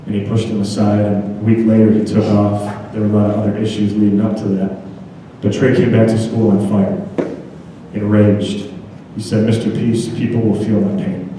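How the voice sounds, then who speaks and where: A man's voice: fairly low pitch, monotone, normal speed, warm tone, slight background noise. An American man giving an earnest, storytelling motivational speech at a school assembly in a school hall. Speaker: motivational speaker. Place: school gym or hall, indoors. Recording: echoey school gym from far off.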